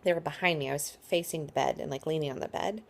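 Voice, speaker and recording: Tired woman in her 30s, low voice, rambling chatty vlog story. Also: fast talker, vocal fry. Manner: chatty, rambling, with frequent likes and ums. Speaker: vlogger. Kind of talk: casual birth story vlog.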